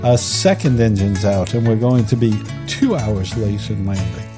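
A man voicing a calm male airline captain giving formal, apologetic announcements over a loudspeaker. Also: fairly low pitch, normal speed, over music, close to an everyday voice.

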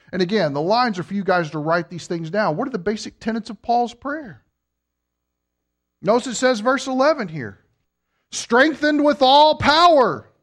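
A man delivers a sermon to his congregation in a high voice that leaps all over its range. He teases and jokes with the listeners between points, then swells each point to an emphatic close. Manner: animated, joking with the congregation, rising to emphatic peaks. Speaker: preacher.

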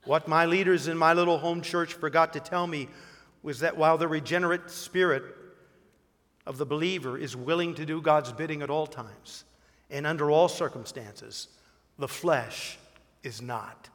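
A man's voice: on the high side, moderate pace, fairly bright tone. Emphatic preaching man, long reverb. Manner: emphatic preaching with rhetorical questions and storytelling. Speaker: pastor. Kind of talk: sermon.

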